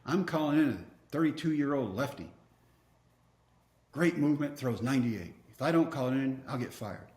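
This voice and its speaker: A middle-aged man from Texas tells his story as a podcast guest. He acts out the other people in it and jokes about himself. His voice sits at an ordinary middle pitch, and it echoes through a reverberant room. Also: moderate pace. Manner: animated storyteller acting out quoted dialogue, wry self-mocking humor. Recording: roomy echo.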